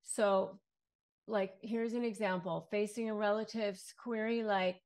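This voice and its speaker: A middle-aged woman speaks straight to camera as an attorney giving advice. She talks at an unhurried, deliberate pace and leans on repeated phrases for emphasis. Her pitch sits in an ordinary middle range. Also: darkish tone. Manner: emphatic, repeats key phrases, acts out short quotes. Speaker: attorney and online coach. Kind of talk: direct-to-camera advice talk.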